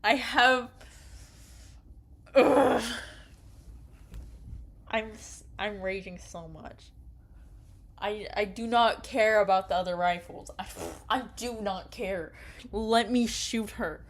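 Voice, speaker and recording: Woman streamer: reads game text at a slow, easy pace, erupts into loud laughing rants at the plot. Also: mid-range voice. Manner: reads narration aloud, then rages loudly with laughter. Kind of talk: game streaming with read-aloud narration.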